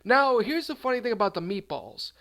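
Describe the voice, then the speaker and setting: Brief: male storyteller, high-pitched, rambling and deadpan through a silly tale. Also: brisk. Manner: rambling, deadpan absurd, trailing off. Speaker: storyteller, channel host. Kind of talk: absurd comedic storytime.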